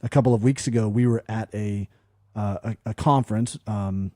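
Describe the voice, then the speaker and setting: A man's voice: lowish voice, moderate pace, dark tone, dry recording, clean studio sound. A man co-hosting a faith podcast, telling a family story in an earnest, conversational way with many fillers and restarts. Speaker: podcast co-host.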